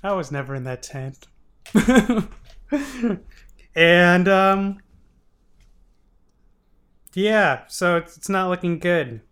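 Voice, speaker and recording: A man's voice: high-pitched, expressive, extremely slow, pauses often, fairly bright tone, smooth. A man co-hosting a podcast, telling a show recap as a comedy bit, swearing freely and laughing often. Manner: profane, giggly storytelling. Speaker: podcast co-host.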